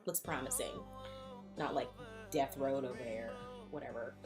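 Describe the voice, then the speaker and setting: A woman's voice: a bass voice, normal speed, music in the background. A woman voicing a stubborn, fussy old male inventor who whines and does not listen, while retelling a cartoon.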